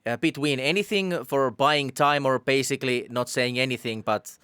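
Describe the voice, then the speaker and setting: A man with a clear, smooth voice at an ordinary middle pitch, co-hosting a casual podcast chat. He mostly chimes in with short agreeing replies and laughs along, recorded dry and close. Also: normal speed, a bit bright, no echo.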